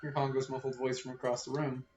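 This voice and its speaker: A man streaming a game, reading its text aloud and reacting in a casual, excitable, jokey way. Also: medium pitch, quick pace, reverberant, muffled recording.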